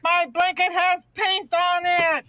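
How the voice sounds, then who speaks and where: A man's voice: very high voice, little pitch movement, slow pace, sharp tone, dry recording, full character voice. A man voicing a fretful, gloomy male puppet creature who speaks with dour, theatrical indignation. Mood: indignant. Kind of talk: puppet TV show acting.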